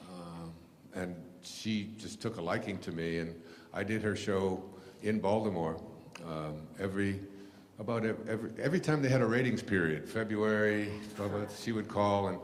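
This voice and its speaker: A man telling stories to an audience in a rambling, halting way, with many fillers and restarts. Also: lowish voice, long reverb tail, slight background noise. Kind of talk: storytelling lecture.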